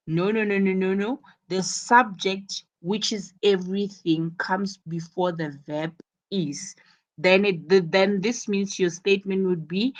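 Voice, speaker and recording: A woman's voice: medium pitch, slow. A woman teaching an English lesson, explaining each point carefully and repeating words for emphasis. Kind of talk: classroom explanation.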